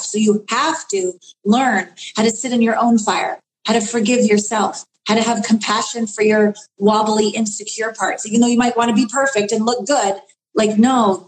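A woman giving relationship advice in a conversation, earnest and coaching, with emphatic repeated phrases. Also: fairly high pitch. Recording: roomy echo.

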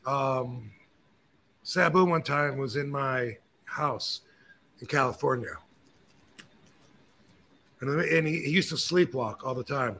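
A man hosting a podcast, telling stories and opinions in a casual, animated way, with frequent swearing. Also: mid-range voice, slow, gravelly, pauses often, slight background noise. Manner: animated, profane storyteller. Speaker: podcast host. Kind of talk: casual chat.

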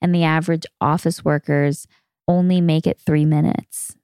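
A woman hosting a podcast, talking casually and earnestly with a hoarse, raspy voice. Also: sits low, level tone, normal speed, dark tone, dry recording, clean studio sound. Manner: earnest, chatty. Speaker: podcast host.

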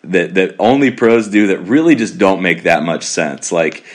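A man's voice: low voice, normal speed. A man hosting a podcast, chatty, asking long winding questions. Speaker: podcast host. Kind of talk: casual interview chat.

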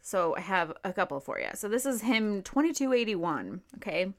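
A woman's voice: mid-range voice, big pitch swings, normal speed, no room sound. Woman explaining history, dry close sound. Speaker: podcast co-host. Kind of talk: history podcast narration, casual explaining.

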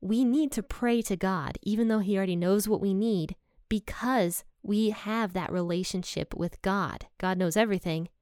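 A woman's voice: mid-range voice, normal speed, a little mellow, smooth, dry recording, studio quality. Earnest woman giving a casual devotional. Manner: earnest, personal, conversational. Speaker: Bible teacher.

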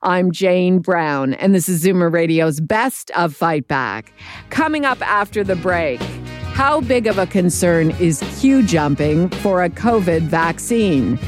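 A woman presents a radio show, reading scripted links in a measured, clear way. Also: on the low side, lively intonation, music in the background. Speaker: radio host.

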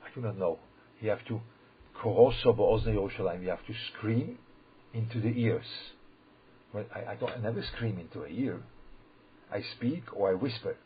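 A man's voice: fairly low pitch, expressive, moderate pace, pauses often. Emphatic man giving a Torah lesson. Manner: emphatic, repeats words, sudden loud bursts when quoting. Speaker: rabbi teaching. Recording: dull lo-fi recording with faint background noise.

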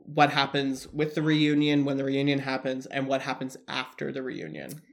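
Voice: medium pitch, monotone, normal speed, vocal fry. A co-host in a casual chat who jokes wryly and talks through a point at length. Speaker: podcast co-host. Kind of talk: casual reality-TV recap chat.

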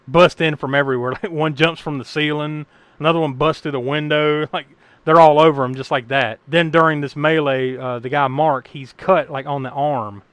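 A man's voice: on the high side, a bit bright, no room sound. A man from the United States hosting a podcast, recapping a film in rambling casual chat, laughing often and swearing freely. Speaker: podcast host.

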